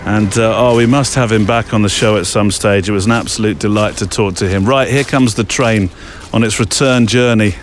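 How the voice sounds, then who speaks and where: A man's voice: fairly low pitch, fairly even intonation, normal speed, soft background music. A man hosting a podcast while walking outdoors through woodland, talking in a casual, rambling way with lots of fillers. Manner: chatty, rambling with many fillers. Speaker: podcast host.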